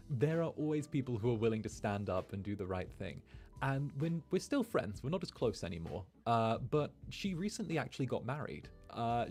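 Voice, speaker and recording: A man streaming as a VTuber, telling a story in an animated, chatty way and acting out the quotes. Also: mid-range voice. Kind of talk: casual storytelling.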